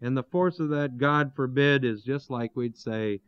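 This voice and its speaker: A man teaching through a Bible passage verse by verse, pausing to explain terms and asking his listeners rhetorical questions. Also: mid-range voice, clear, resonant tone. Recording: dull, lo-fi dry recording.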